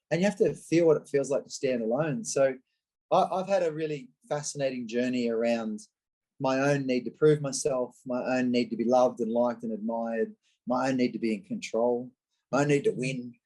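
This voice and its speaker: Animated man telling stories. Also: medium pitch, normal speed, rough recording. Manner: animated, acts out quoted voices, frequent restarts. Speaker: guest. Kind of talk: candid conversational storytelling.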